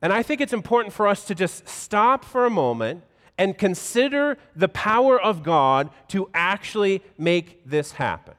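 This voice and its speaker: A pastor reading scripture aloud in a measured, solemn way, then preaching a sermon in a church. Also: male voice, high-pitched, big pitch swings, a bit bright. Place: church sanctuary. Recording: long hall reverb.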